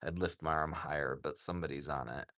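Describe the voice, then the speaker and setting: A man hosting a casual livestream from a farm animal sanctuary outdoors, rambling with lots of "like" and talking softly to the animals beside him. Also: extremely low pitch, steady tone, fast talker, no echo, studio quality. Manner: rambling, says "like" often, talks softly to animals.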